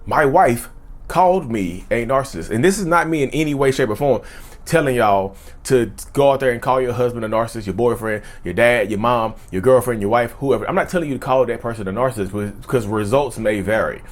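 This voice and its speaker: Man, 30s, rapid earnest camera monologue, repeats points. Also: medium pitch. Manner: earnest, preachy, repeats phrases for emphasis. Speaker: mental health video creator. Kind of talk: casual talking-to-camera monologue.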